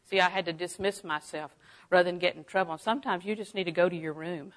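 Woman preacher, middle-aged, folksy sermon, lively storytelling, quick laughs, hushed asides. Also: lowish voice, low-quality recording. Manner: folksy, animated, laughs often, drops to a hush for asides. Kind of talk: sermon with personal stories.

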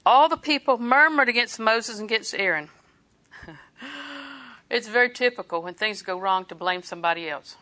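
A middle-aged woman giving a sermon, her voice bright and forward. She talks to the congregation in a relaxed, conversational way, breaking into small laughs and acting out quick quoted lines. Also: mid-range voice. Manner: conversational preaching with chuckles and quoted asides. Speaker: preacher.

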